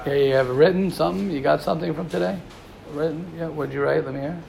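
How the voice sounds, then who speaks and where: Teaching a Torah class to yeshiva students, a man speaks quickly with a lilt in a gravelly, somewhat high voice. He is animated, repeats his points, and fires off rhetorical questions, while a faint hiss runs underneath.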